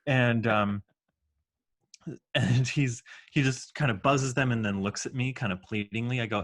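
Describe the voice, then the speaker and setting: A man's voice: mid-range voice, moderate pace, a bit bright. A man co-hosting a podcast in casual chat, telling long rambling stories full of fillers and restarts. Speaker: podcast co-host.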